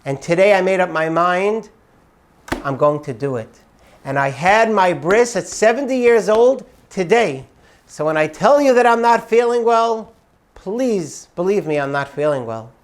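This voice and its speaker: A man's voice: high voice, animated, measured pace. A man voicing a moved elderly grandfather. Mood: earnest.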